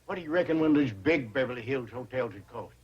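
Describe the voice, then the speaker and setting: A man's voice: mid-range voice, expressive, quick pace, close to an everyday voice. An actor playing a brash, folksy older hillbilly man with a drawl in a 1960s sitcom. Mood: flirty, wheedling. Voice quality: folksy drawling country talk. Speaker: hillbilly friend visiting a bank. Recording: dull old TV soundtrack, loud laugh track, hiss. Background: studio audience laughter.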